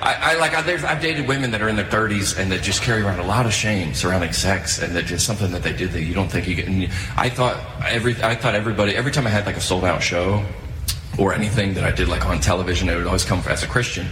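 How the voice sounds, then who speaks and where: A man's voice: deep voice, fast talker. A young man doing a rambling, self-mocking stand-up set, tossing asides to the crowd. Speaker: comedian. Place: comedy venue before a live audience. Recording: echoey room with crowd noise.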